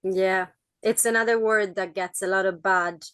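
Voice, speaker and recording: A woman's voice: medium pitch, steady tone, normal speed, fairly bright tone, smooth, no echo. A woman hosting a podcast interview, speaking in an affirming, reflective way. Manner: affirming, reflective, frequent mm-hmms. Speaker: podcast host. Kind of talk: casual interview chat.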